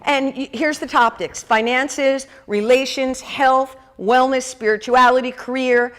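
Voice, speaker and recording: Chatty, lively woman minister preaching. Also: high voice. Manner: lively, chatty preaching with asides and quick laughs. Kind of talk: sermon. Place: church hall.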